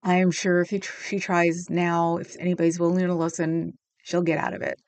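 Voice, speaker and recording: A woman's voice: fairly low pitch, level tone, fairly quick, a little mellow. A middle-aged woman hosting a livestream, chatting casually and sarcastically as she recounts a video and reads comments aloud, with frequent ums. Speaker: livestream host.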